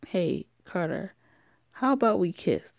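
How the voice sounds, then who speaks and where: A woman's voice: lowish voice, very animated, measured pace, no echo, studio quality. A woman voicing a drunk, pushy teenage boy in a homemade voiced story who talks in brash, insistent bursts. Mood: pushy, tipsy.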